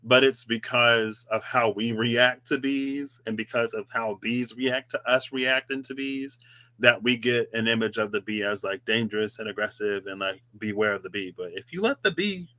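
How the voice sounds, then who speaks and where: A man's voice: medium pitch, flat delivery, moderate pace, pushed and bright. A man hosting a tarot reading video, musing aloud in a casual, rambling way with chatty asides. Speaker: tarot reader, channel host. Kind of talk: casual reflective monologue.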